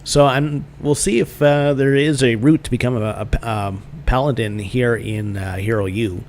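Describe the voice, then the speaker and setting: A man's voice: medium pitch, normal speed, slight background noise. A man hosting a let's-play, chatting casually about the game with many fillers. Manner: relaxed, rambling, many filler words. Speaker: gaming channel host.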